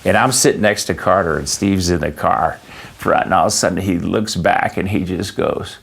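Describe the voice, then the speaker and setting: A man answering an interviewer's questions in a halting way, with many fillers and restarts, often telling personal stories. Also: low voice, vocal fry, slightly rough. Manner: anecdotal storyteller. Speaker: interview guest.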